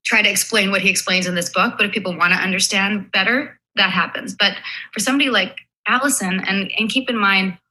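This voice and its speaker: Bright-voiced woman explaining calmly. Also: medium pitch, fairly quick, low-quality recording. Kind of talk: casual conversation.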